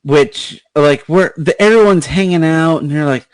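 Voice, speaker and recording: A man's voice: a little high, normal speed, hardly any pauses, clean tone, no room sound, low-quality recording. A man, co-host of a podcast, telling a long story in casual chat, rambling and swearing with lots of fillers.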